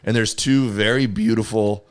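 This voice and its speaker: A man's voice: fairly low pitch, fairly even intonation, moderate pace, smooth. A man co-hosting a comedy podcast, chiming in with wry, jokey side comments in casual chat. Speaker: podcast co-host.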